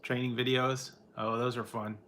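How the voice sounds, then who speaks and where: Man, casual home livestream chat, bright voice, loose and rambling, quick laughs. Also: mid-range voice, little pitch movement, slight background noise. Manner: rambling, chuckles often, talks to his pet. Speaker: livestream host. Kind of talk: casual chat with live chat viewers.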